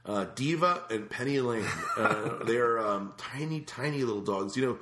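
A man telling a story in casual podcast chat, animated and acting out the other people's lines, swearing casually. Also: medium pitch, moderate pace, slight background noise. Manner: animated, acts out quoted voices, swears casually. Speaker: podcast host. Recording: roomy echo.

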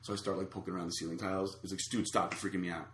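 A man's voice: low voice, racing, roomy sound, slight background noise. A man casually telling a long anecdote, acting out the other people's lines. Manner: animated storyteller acting out quotes. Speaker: storyteller guest.

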